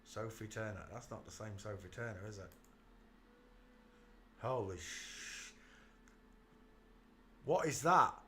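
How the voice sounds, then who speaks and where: A man's voice: fairly low pitch, animated, slow, long pauses, sharp tone, a little hiss or hum. A man hosting his channel, giving mocking commentary over photos and calling out to the viewer. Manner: jeering, talks to the viewer, breaks into laughter. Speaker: channel host.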